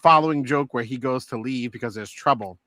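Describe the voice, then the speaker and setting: Middle-aged man, co-host, bright forceful voice, enthusiastic, acts out lines. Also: mid-range voice, brisk, no echo, clean studio sound. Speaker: podcast co-host. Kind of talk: casual movie review chat.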